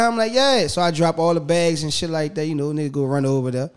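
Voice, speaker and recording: A man, pitched fairly high for a man, tells a story on a podcast in loose, animated talk. He slips into the voices of the people he describes and laughs often. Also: fast talker, clear, resonant tone. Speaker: podcast guest. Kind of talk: casual storytelling.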